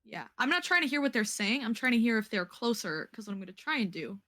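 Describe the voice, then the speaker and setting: A woman playing a character in a tabletop game, anxious and full of quick questions. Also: a little high, animated, a bit bright, slight background noise. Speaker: player.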